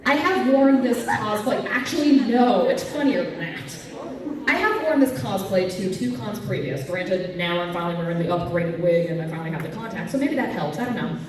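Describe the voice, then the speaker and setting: A woman telling comic stories on stage at a convention, lively and quick to leap into squeaky voices. She sounds far from the mic, and the sound rings around a big echoey hall. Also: a crowd in the background. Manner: animated, jumps to squeaky highs for quoted fans. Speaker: cosplay comedian. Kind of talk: stand-up comedy storytelling. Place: convention panel room.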